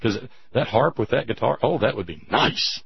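Husky sarcastic talk radio host. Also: male voice, mid-range voice, expressive, normal speed, no room sound. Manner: emphatic, sarcastic, chatty with listeners. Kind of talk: political talk radio commentary. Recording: dull lo-fi radio recording.

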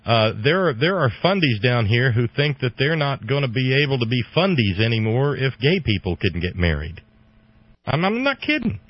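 A man hosting a call-in talk radio show, talking fast and loose with jokes. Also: medium pitch, lively intonation, slightly rough, no echo. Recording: slightly muffled radio broadcast.

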